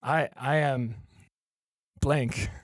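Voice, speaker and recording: A man voicing a stiff, literal-minded male warforged robot in a tabletop game, with flat, formal robotic phrasing. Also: medium pitch, drawn-out words, dry recording.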